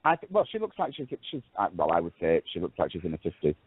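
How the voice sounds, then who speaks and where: A man's voice: sits low, wildly swooping pitch, quick pace, breathy edge, no echo. A man co-hosting a radio talk show, chatting casually and rambling with self-corrections, calling his co-host "darling". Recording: tinny phone-like radio audio.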